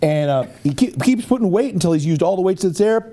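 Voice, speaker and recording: Male talk host, mellow tone, animated storyteller. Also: high voice, fast. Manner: animated storyteller who acts out quotes. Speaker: show host. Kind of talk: casual storytelling on a talk show.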